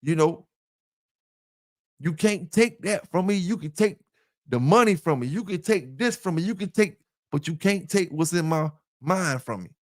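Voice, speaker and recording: A man's voice: high voice, lively intonation, normal speed, no echo, clean studio sound. A man hosting a casual livestream on a headset mic, rambling loosely and talking straight to his listeners. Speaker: dog kennel channel host. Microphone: headset with earphones.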